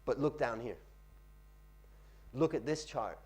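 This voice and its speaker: A man takes it slowly while teaching a live workshop on pitching to an audience in a seminar room. For effect, he changes how loud and how fast he speaks.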